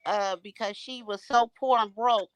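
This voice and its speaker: A woman's voice: a little high, fairly even intonation, normal speed, dry recording, low-quality recording. A woman co-host in casual chat, speaking in a matter-of-fact way.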